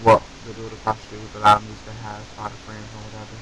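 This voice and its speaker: A young man telling a story to his viewers in a casual, animated way, swearing and ranting with rhetorical questions. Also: on the low side, fast, heavy background noise. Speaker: vlogger.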